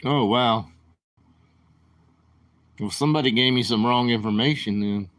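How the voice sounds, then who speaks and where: A man's voice: medium pitch, a bit bright. A man rambling and apologizing in casual chat on his live stream. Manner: rambling, apologetic, slow-talking.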